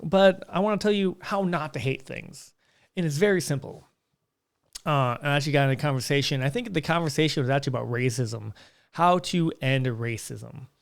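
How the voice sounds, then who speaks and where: Young male podcast host, gravelly voice, casual rambling monologue with restarts, small curtained room. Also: fairly high pitch, normal speed. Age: young adult. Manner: rambling storyteller with frequent restarts.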